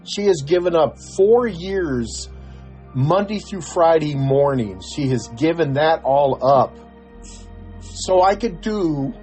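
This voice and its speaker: An older man chatting in an interview, telling a story in loose, rambling sentences full of restarts and playing every voice in it. His voice sits somewhat high for a man. Faint music plays underneath. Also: expressive, takes it slowly, darkish tone. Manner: rambling storyteller with many restarts, acts out dialogue. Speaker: podcast co-host. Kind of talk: casual interview chat.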